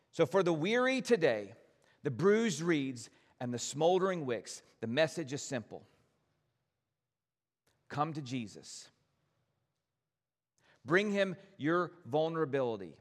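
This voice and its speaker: A man preaching a sermon as pastor, gentle and earnest, addressing his congregation directly. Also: a little high, sing-song, measured pace, long reverb tail.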